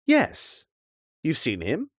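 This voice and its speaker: A man's voice: fairly high pitch, wildly swooping pitch, very slow, a bit bright, no echo, studio quality, voice pushed up, exaggerated voice. A man voicing a determined young templar who asks intent, earnest questions.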